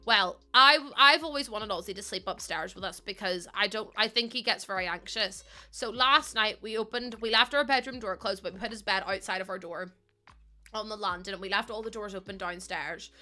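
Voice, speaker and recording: Bright-voiced chatty woman in her twenties. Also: medium pitch, a little fast. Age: 20s. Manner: chatty storytelling with laughs and acted-out quotes. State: pregnant. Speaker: streamer. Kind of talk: casual chat while streaming a building game.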